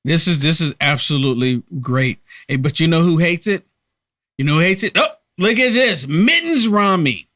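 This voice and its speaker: A man's voice: a little high, normal speed, a bit bright, dry recording, clean studio sound. A man hosting a live political commentary stream, talking emphatically and repeating himself to rally viewers. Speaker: host of a political livestream.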